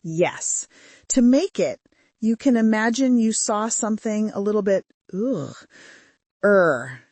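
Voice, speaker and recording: A woman with a modern British accent teaching pronunciation, modelling each sound slowly and carefully. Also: medium pitch, warm tone, no room sound. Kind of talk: scripted language lesson.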